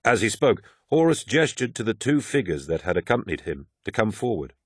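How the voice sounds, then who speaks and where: Low-voiced man narrating an audiobook. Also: sing-song, a little fast, breathy edge, no echo, studio quality. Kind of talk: scripted narration.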